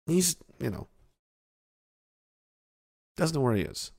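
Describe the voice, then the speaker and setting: A man chats casually on a livestream, reading comments aloud. His delivery is sarcastic and profane, and it wanders from point to point. His pitch rises and falls with lively swings. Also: brisk, gravelly, long pauses. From Canada. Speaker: streamer reading chat.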